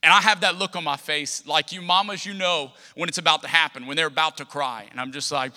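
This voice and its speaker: A young man preaching a sermon in a church, telling humorous personal stories in an animated way. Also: fairly high pitch, a little fast. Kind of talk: storytelling sermon. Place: church sanctuary. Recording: long church hall reverb.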